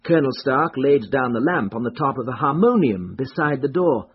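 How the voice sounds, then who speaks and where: Male audiobook narrator, husky tone, steady deliberate storytelling, dull lo-fi sound. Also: mid-range voice.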